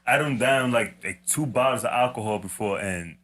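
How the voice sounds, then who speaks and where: A man telling casual stories on a podcast, relaxed, often repeating his phrases. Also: normal speed. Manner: relaxed, repeats himself, laughs low. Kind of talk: casual storytelling chat.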